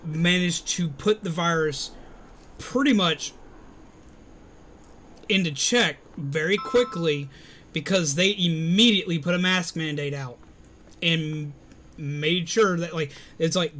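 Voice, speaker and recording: A man's voice: on the high side, slow pace, long pauses, pushed and bright. A man in casual live-stream chat, answering viewer comments while recovering from illness. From Alabama, US.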